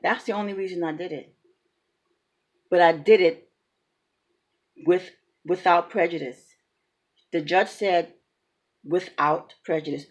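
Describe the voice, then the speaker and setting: A woman's voice: lowish voice, slightly rough. A woman, a public housing tenant, ranting angrily with emphatic, repetitive, indignant phrasing. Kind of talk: angry rant vlog.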